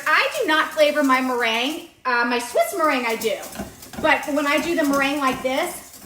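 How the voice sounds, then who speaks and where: Her high voice sounds pushed and bright as she enthusiastically chats through a live home-kitchen baking demo and responds to viewer comments. The rough recording is reverberant with slight background noise, mixer and kitchen clatter, and an on-camera mic that travels around the kitchen.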